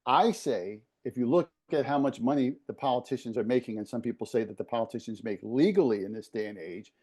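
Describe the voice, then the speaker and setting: A man with a New York accent chats as a podcast guest, his voice mellow and dark. He tells stories with plenty of animation and slips into the voices of the people in them. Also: medium pitch, a little fast, husky. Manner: animated anecdotes, voices others in quotes. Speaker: podcast guest, former basketball operations director. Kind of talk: casual storytelling chat. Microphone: video podcast mic.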